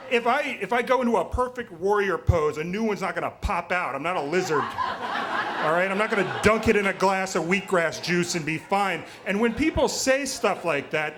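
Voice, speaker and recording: Male storyteller, live stage, wry and profane, slightly high voice, self-mocking. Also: a bit bright.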